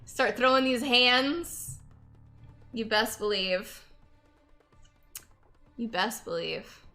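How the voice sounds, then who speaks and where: A woman's voice: on the high side, extremely slow, pushed and bright, soft background music. A young woman streaming and chatting casually, laughing often and reading chat aloud, tired from lack of sleep. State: sleep-deprived.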